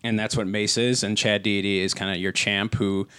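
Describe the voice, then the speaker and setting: A man's voice: fairly low pitch, little pitch movement, moderate pace, a bit bright, clear, resonant tone, no room sound. Guy rambling about stuff on a podcast, lots of um and like, dry close mic. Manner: rambling, many fillers and restarts. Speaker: podcast co-host. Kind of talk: casual chat.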